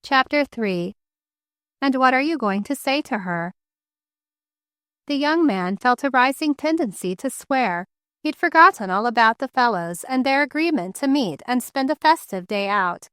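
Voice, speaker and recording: Smooth high-voiced woman narrating a novel. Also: no echo, studio quality. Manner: measured, even storytelling. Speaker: audiobook narrator. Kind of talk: scripted narration.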